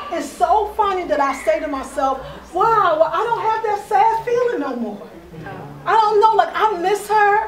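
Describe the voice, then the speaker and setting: A woman giving spiritual advice in an animated storytelling way. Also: extremely high pitch. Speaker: spiritual advisor. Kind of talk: conversational advice. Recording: echoey room, far from mic.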